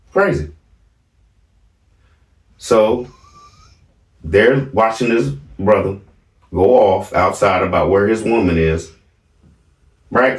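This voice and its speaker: A man's voice: lowish voice, distant mic. Middle-aged guy storytelling, emphatic, keeps saying right?, echoey room. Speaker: vlogger telling a family story. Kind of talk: casual storytelling. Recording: roomy, from off the mic.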